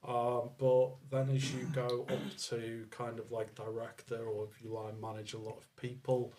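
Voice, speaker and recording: A man co-hosting a casual podcast chat, explaining his point in a measured way. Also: mid-range voice, flat delivery, dark tone, a little hiss or hum. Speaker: podcast co-host.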